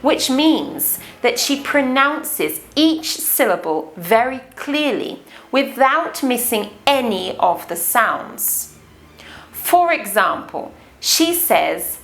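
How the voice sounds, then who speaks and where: A British woman explaining English accents as a teacher, talking carefully and deliberately. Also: fairly high pitch, sing-song. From Britain.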